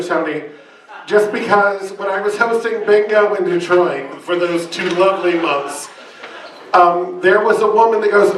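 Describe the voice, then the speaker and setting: A man performing as a drag queen in a live roast, delivering bawdy insults with shouted punchlines. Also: high voice, normal speed. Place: bar function room with live audience. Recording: echoey room, mic from a distance, loud crowd.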